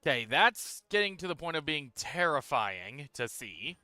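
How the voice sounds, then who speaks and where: A man's voice: a little high, a little slow, clean tone, no room sound, soft background music. Tired man casually narrating his gameplay. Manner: relaxed, talks through his moves while playing. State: tired, yawning. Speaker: streamer.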